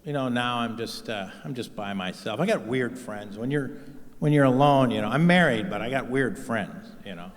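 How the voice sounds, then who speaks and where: A man's voice: medium pitch, normal speed. Guy doing stand-up on stage, swears a lot, voice jumps around a ton, big echoey hall. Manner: profane, deadpan storytelling with acted-out voices. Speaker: stand-up comedian. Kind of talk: stand-up routine. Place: theater stage with live audience. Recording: live hall reverb.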